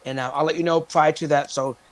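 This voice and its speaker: Animated, laughing male storyteller. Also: fairly high pitch, quick pace. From Cape Cod, Massachusetts. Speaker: guest. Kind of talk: casual interview chat.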